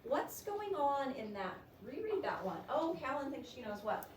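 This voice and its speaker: Teacher in a roomy classroom. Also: female voice, high voice, normal speed. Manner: expressive reader, coaxing questions to students. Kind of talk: classroom poetry reading and discussion. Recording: roomy classroom sound from a distant mic with noise.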